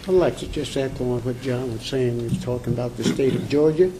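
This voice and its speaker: A man speaking hesitantly on a panel as a township official, pausing often with fillers. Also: mid-range voice, over music. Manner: slow, hesitant, many fillers. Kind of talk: panel discussion.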